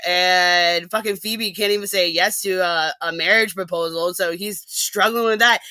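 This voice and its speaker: A woman ranting animatedly in a casual podcast chat, with quick asides and restarts. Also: medium pitch, pushed and bright, dry recording. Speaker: podcast guest.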